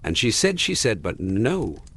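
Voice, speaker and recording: A man's voice: fairly low pitch, huge pitch swings, measured pace, a bit bright, heavily acted. A man reading an audiobook, voicing a pathetic, moaning spinster cousin who whines and falters. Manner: whiny, faltering.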